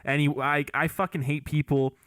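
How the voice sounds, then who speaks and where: A man's voice: a little high, flat delivery, moderate pace, fairly bright tone, no room sound, clean studio sound. A young man, a podcast guest, chatting in a crude, self-mocking way with frequent laughs. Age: young adult. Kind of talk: casual chat.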